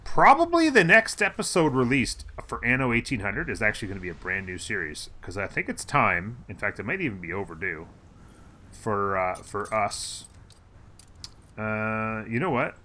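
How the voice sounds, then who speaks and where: A man hosts a gameplay video, talking casually at his desk microphone as he plays. His voice sits low yet sounds bright and sharp, and his pitch rises and falls widely. He thinks aloud with fillers and corrects himself mid-sentence. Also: very animated, normal speed, slight background noise.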